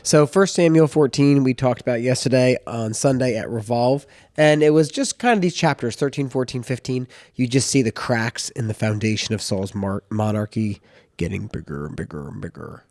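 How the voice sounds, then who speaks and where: A man's voice: medium pitch, moderate pace, hardly any pauses, a little mellow, no echo, studio quality. A man, a pastor co-hosting a church recap show, chatting casually and telling stories in a playful, jokey way. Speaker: pastor and co-host. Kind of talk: casual chat recapping a sermon.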